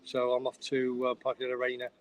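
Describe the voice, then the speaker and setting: A man's voice: mid-range voice, completely flat delivery, fast talker. A man co-hosting a live stream, chatting casually and rambling with plenty of fillers. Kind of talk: casual chat. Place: Tenerife.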